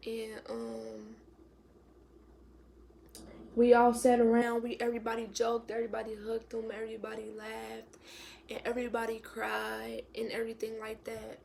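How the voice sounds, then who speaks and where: Young woman, tearful, gravelly, flat pitch, some faint noise behind. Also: moderate pace. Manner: emotional, tearful, drops to a whisper. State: close to crying. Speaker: vlogger. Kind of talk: storytime vlog.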